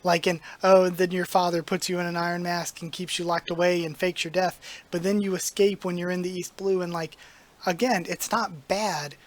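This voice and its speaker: A channel host giving a casual spoken review, slightly hoarse from losing their voice, rambling and conversational with lots of "like" and "um". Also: medium pitch, flat delivery, moderate pace. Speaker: YouTube channel host reviewing manga chapters.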